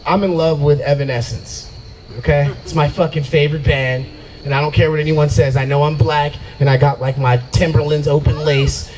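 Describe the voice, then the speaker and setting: A man's voice: a little high, darkish tone, a little hiss or hum, rough recording. A young man doing a brash, profane stand-up set at an open mic night in a brewery and riffing with the crowd. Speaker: stand-up comedian.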